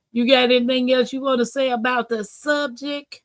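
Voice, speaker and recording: A woman hosting a live-stream talk show, chatting casually, reading comments aloud and telling stories with animated bursts and laughter. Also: sits high, moderate pace, few pauses, no echo. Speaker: livestream host.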